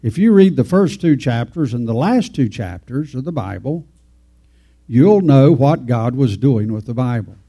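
A man preaches in a loose, homespun way, wandering through his points and chatting with the people in the pews. His voice sits at an ordinary pitch with a dark, mellow tone. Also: animated, unhurried, husky. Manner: folksy, rambling, talks to the congregation. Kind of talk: informal folksy sermon.

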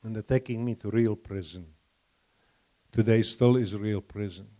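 A man's voice: on the low side, fairly even intonation, moderate pace, dark tone. An older man from Poland with a Polish accent and broken English, giving a testimony to a church audience and stopping to put questions to the listeners.

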